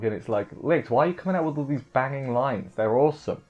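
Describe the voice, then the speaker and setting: A man's voice: mid-range voice, fast talker, few pauses, darkish tone. A man giving a casual, rambling recap of an anime episode, full of fillers and self-corrections. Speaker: anime reviewer. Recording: dull lo-fi audio with faint music.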